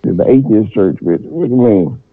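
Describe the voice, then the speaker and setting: A man's voice: on the low side, normal speed, slightly rough, dry recording. A man calls into a podcast, telling crude, joking stories. His voice comes through a thin, tinny phone line with no room sound around it. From Texas, US. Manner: crude, joking, animated storytelling. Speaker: podcast caller. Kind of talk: casual call-in podcast chat.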